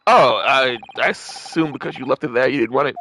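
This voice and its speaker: A man's voice: medium pitch, fairly quick, pushed and bright, a little hiss or hum. A man voicing a nervous young student. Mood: uneasy. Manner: hesitant, stammering.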